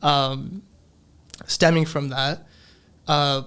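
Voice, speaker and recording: A young adult podcast host who asks loose, rambling questions and fills pauses with "um" and "like.". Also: medium pitch, little pitch movement, fairly bright tone, smooth. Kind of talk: casual interview chat.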